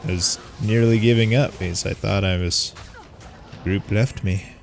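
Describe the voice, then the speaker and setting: A man playing along in a game stream, chatting in a relaxed, meandering way. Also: on the low side, moderate pace, gravelly. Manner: relaxed, meandering, trails off mid-sentence. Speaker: fellow player. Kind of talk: casual gameplay chat. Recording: noisy background hiss.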